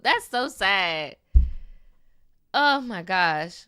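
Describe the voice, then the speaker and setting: A woman streamer reading viewer stories aloud and reacting in a casual, slangy, animated way. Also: mid-range voice, extremely slow, smooth. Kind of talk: casual chat and story reading. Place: lives in New York.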